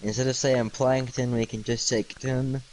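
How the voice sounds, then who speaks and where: A man's voice: mid-range voice, level tone, normal speed, a little mellow, slight background noise, rough recording. A tired man streaming late at night, rambling through goofy wordplay with lots of ums and uhs. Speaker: livestreamer.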